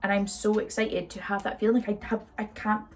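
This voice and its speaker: A woman's voice: medium pitch, level tone, a little fast. A young woman chats openly while doing her makeup, rambling with plenty of fillers in a casual get-ready-with-me talk. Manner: chatty and open, rambling with fillers. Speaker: vlogger. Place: indoors at home, doing makeup.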